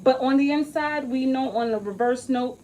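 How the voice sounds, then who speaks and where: A woman's voice: sits high, normal speed, warm tone, slight background noise, low-quality recording. A woman talking straight to camera in a casual vlog about an astrology reading, swearing often, emphatic and joking as she rambles.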